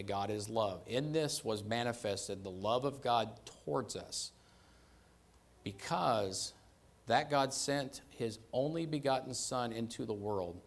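A man with a fairly low voice delivers a sermon, leaning hard on key phrases and repeating them for weight. He keeps it conversational, checking in with his listeners as he goes. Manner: emphatic, repeats phrases for stress; conversational, asks "right?" and "okay?". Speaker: preacher.

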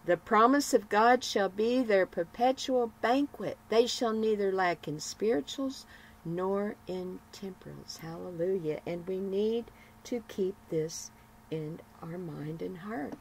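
A woman reading a morning devotional as a sermon, with measured phrasing and emphatic repetitions. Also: medium pitch, slight background noise, low-quality recording. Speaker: devotional broadcaster.

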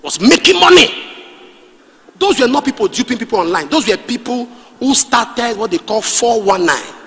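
High, lively Nigerian preacher. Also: male voice, normal speed, big-room sound. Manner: animated, storytelling with pidgin asides. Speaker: pastor. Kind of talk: sermon.

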